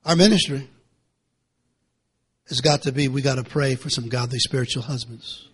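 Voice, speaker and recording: A male preacher, delivering a fiery sermon that swings from low muttering to shouting, with many repeated words. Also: moderate pace, breathy edge.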